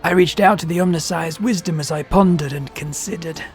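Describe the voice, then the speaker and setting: A woman's voice: fairly low pitch, fairly quick, a little mellow, soft background music, lightly acted. Woman voicing a dying half-machine tech-priest. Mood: cryptic. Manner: cold, clipped, machine-like speech. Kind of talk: video game voice acting.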